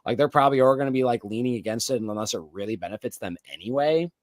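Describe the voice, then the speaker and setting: A man's voice: medium pitch, quick pace, no room sound, clean studio sound. A man co-hosting a podcast, recapping a TV episode in casual chat, rambling with lots of fillers and restarts. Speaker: podcast co-host.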